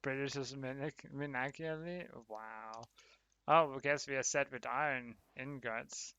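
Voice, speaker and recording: A man's voice: mid-range voice, a little slow, sharp tone. A man chatting casually with viewers while streaming a game, laughing often and talking to his chat. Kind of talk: casual livestream commentary while gaming.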